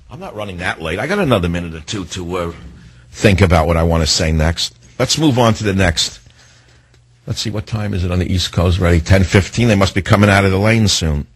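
A man hosts a call-in radio show, rambling wryly and thinking aloud between topics. His voice is husky and sits at a middle pitch, with a dry, close sound. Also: dry recording. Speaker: radio talk show host. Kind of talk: casual call-in radio monologue.

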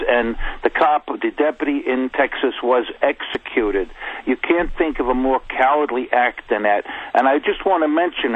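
A man's voice: medium pitch, no room sound. A man in his sixties, a retired officer calling in to a radio show, speaking earnestly and matter-of-factly. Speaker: caller. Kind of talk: call-in opinion. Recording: tinny phone line.

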